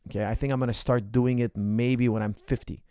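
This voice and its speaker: A man's voice: mid-range voice, fairly even intonation, brisk, mellow, smooth, no room sound, clean studio sound. A man in his forties, a coach, talking casually to a live stream audience and repeating his points for emphasis. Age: 40s. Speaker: coach answering viewer questions.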